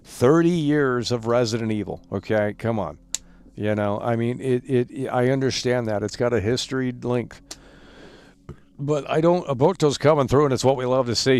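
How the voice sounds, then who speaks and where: A man live-streaming about a video game, ranting and swearing as he reads out comments, often stammering and repeating words. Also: medium pitch.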